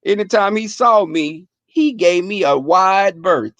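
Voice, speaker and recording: A man hosting a live stream, casually telling stories to his chat in a profane, animated way, often breaking into laughter. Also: high-pitched, unhurried, no echo.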